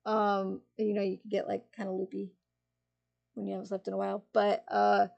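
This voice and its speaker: A woman's voice: medium pitch, monotone, normal speed, gravelly, a little mellow, lo-fi sound. A woman streamer chatting casually with her viewers, rambling and giggling, full of fillers and restarts. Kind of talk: casual chat with live chat.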